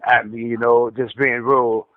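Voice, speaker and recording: A man who stutters, telling a long rambling story over a phone call, halting and repeating his words as he goes. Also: mid-range voice, little pitch movement, no room sound. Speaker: caller recounting an interrogation. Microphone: phone handset. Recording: tinny dry phone line.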